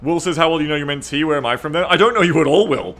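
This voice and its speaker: A man's voice: a little high, rapid-fire, a bit bright, faint music behind. A man streaming a strategy game, chatting casually with viewers and reading their messages aloud in a playful, teasing way, laughing often.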